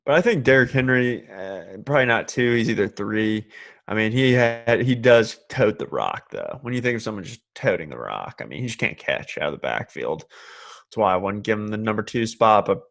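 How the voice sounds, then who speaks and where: A man's voice: on the low side, expressive, normal speed, gravelly, fairly bright tone. A young man co-hosting a podcast, chatting casually in a laid-back, rambling way with restarts. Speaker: podcast co-host. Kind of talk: casual chat.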